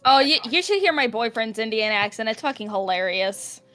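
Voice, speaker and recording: Bright-voiced woman chiming in. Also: a little high, animated, brisk, faint music behind. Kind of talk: casual podcast chat.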